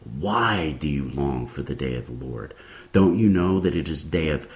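A man's voice: very deep voice, expressive, normal speed, a little mellow, echoey room. A man hosting a Christian podcast, preaching in an earnest, rambling way with many restarts and fillers.

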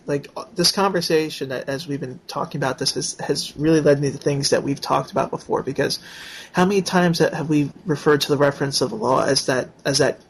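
A man's voice: a little high, vocal fry, a little hiss or hum, low-quality recording. A man in a faith discussion who speaks thoughtfully, stumbling and restarting as he works through his point.

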